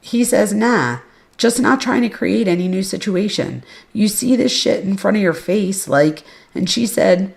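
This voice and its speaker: Woman podcast host, fry in the voice, reads records with offhand, blunt commentary. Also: mid-range voice, measured pace, a little mellow. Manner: casual and blunt, with offhand asides and swearing. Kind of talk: reading case records aloud with commentary.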